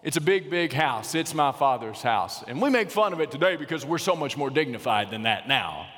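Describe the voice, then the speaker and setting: Male pastor, mid-pitched, dynamic sermon delivery, loud peaks to soft hush; long church reverb. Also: expressive, brisk, few pauses. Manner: dramatic swings from loud to hushed. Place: church sanctuary.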